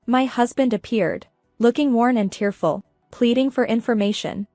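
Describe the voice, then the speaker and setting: A woman narrating a first-person revenge story in a steady, even manner. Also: fairly high pitch, moderate pace, no echo, clean studio sound, soft background music.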